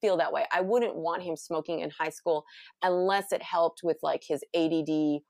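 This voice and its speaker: A middle-aged woman from California, chatting casually and telling a story with animated acted-out quotes. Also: low voice, moderate pace, creaky, no echo, studio quality. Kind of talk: casual conversation.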